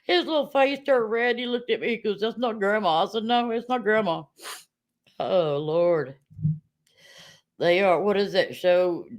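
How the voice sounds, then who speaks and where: A woman's voice: medium pitch, a little slow, long pauses. A middle-aged woman chatting casually with viewers on a livestream, telling stories and laughing often.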